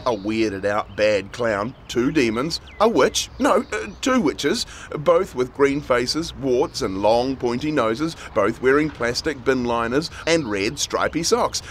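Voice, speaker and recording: A man reading a children's story aloud in a playful, expressive way. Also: mid-range voice, a little hiss or hum.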